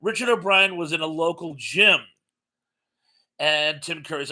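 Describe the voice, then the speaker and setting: Bright-voiced man hosting a live chat. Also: fairly high pitch, normal speed. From Massachusetts. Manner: chatty, chuckling, reads out chat messages. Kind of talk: casual live-stream chat reading viewer comments.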